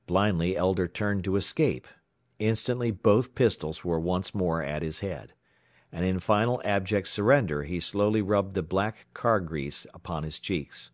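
A man from the United States narrating a story aloud in a dramatic, expressive way. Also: deep voice, measured pace, no echo, studio quality. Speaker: audiobook narrator. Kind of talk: scripted narration.

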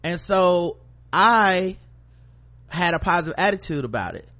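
A man's voice: high voice, expressive, a little slow, bright, forceful tone. A man co-hosting a podcast, telling a work story in casual chat, acting out coworkers in quoted voices and swearing freely. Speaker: podcast co-host.

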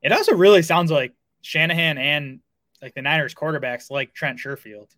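A man's voice: a little high, a bit bright, no echo. A man co-hosting a fantasy football podcast, chatting casually with lots of fillers and restarts. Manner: fast, filler-heavy talk with restarts. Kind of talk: casual sports analysis chat.

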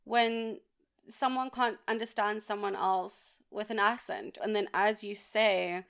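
A woman's voice: mid-range voice, steady tone, a little slow, vocal fry, a bit bright, clear, resonant tone. Frank woman podcaster recapping a film. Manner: frank, recaps the plot plainly. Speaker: podcast co-host. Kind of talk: casual chat.

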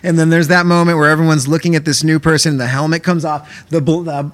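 A young man riffing on a casual podcast, goofy and quick to swear, with "dude" in almost every line. His voice is bright and forward and sits slightly high for a man. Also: fairly even intonation. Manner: goofy, swearing, riffs on bits, says dude a lot. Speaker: podcast co-host.

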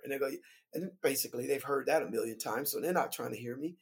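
A man who plays in a band, telling a story from the road as a guest on a podcast, lively and laughing as he recounts it. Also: mid-range voice, fast talker, vocal fry. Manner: animated, vivid retelling with laughter. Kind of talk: casual storytelling.

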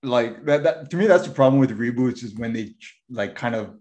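A man's voice: mid-range voice, expressive, fairly quick, a little mellow. A man co-hosting a casual podcast, talking through opinions with lots of hedging and steering the chat. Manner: thoughtful, hedging with "like", steers topic back. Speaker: podcast co-host.

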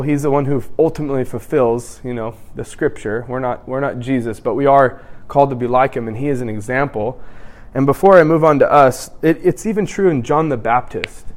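A man preaching a sermon in an animated way, acting out scripture scenes in different voices. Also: medium pitch.

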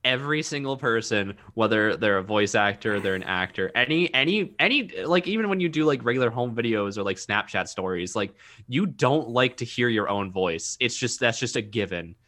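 A young man from Minnesota chats casually about voice acting. His voice is bright and forward at a middling pitch, and he rambles with frequent fillers and restarts. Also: lively intonation, normal speed. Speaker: voice actor. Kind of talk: casual podcast chat.

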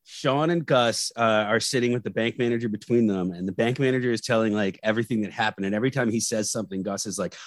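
A man's voice: on the low side, fast talker, hardly any pauses, no echo. A man hosting a podcast segment in casual chat, playful and steering the conversation. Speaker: podcast host running a segment.

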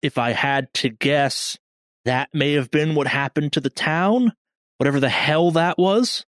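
Man playing soothing lady scientist, measured, hesitant, dry close sound. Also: fairly high pitch, fairly bright tone, dry recording. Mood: calming. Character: calm diplomatic female scientist.

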